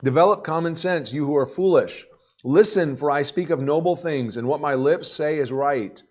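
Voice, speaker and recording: A man's voice: fairly high pitch, moderate pace, voice pushed up, close to an everyday voice. A man reading aloud the part of Wisdom, personified as a woman crying out to all people, in a raised, emphatic, proclaiming voice.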